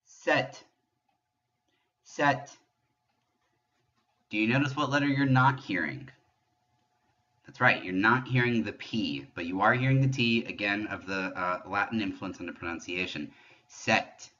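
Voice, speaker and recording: A man giving a patient pronunciation lesson, explaining French sounds step by step and demonstrating them slowly. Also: on the low side, bright, forceful tone, dull audio. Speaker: French teacher.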